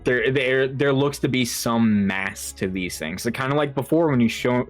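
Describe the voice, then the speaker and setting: A man running a tabletop horror game as game master, talking in a halting way with lots of fillers and restarts. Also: medium pitch, faint music behind.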